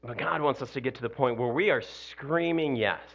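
A man's voice: mid-range voice, normal speed, muffled recording. Conversational man preaching an Easter sermon. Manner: conversational, frequent "you know" and "right?", self-deprecating laughs. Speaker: pastor.

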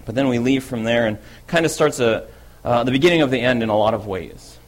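Taking the part of the apostle Peter, the eager and impulsive disciple, a man tells his story in first-person dramatic monologue, his animated delivery quickening and rising with excitement. His pitch is medium and his pace brisk, close to an everyday voice.

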